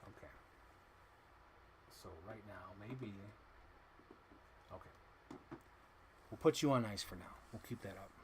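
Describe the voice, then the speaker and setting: A man's voice: fairly low pitch, unhurried, pauses often, noisy background. A man casually chatting on a live stream, rambling and talking to himself while he arranges things.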